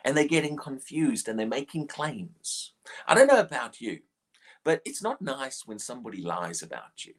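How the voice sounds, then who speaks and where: Middle-aged guy preaching, husky voice, really lively up and down. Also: medium pitch, moderate pace. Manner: earnest, animated, repeats words when starting sentences. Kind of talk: sermon.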